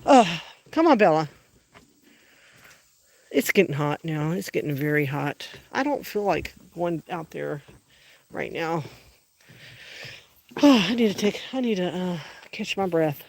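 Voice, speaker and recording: A woman's voice: on the low side, lively intonation, a little slow, gravelly, no echo. A woman chatting casually with viewers on her livestream, rambling from topic to topic. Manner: rambling, friendly, talks sing-song baby talk to her dogs. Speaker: livestream host. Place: home kitchen and backyard.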